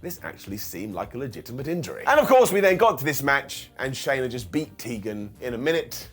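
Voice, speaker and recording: Man, husky voice, lively pitch, sarcastic wrestling recap, faint music behind. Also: a little fast. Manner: sarcastic, animated, acts out quotes in funny voices. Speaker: wrestling show reviewer. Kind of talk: casual recap commentary.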